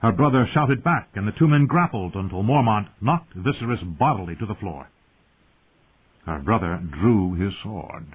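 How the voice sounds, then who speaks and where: A man narrating a fantasy audiobook in a measured, tense storytelling manner. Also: fairly low pitch, husky. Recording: tinny phone-like audio.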